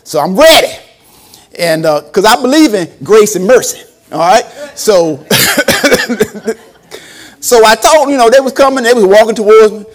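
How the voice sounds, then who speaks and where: A man's voice: high voice, animated, moderate pace, pauses often. A man preaching a storytelling sermon, acting out quotes and laughing often. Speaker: preacher and former school principal.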